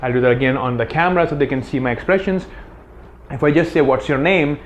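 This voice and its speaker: A man's voice: mid-range voice, fast. A man coaching on dating, explaining confidently in an instructional talk. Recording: dull clip with faint background noise.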